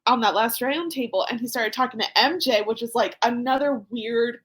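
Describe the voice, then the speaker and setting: A woman's voice: a little high, moderate pace, fairly bright tone, husky. A woman hosting a podcast, chatting casually about a reality show and laughing often. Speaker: podcast host. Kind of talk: casual recap chat.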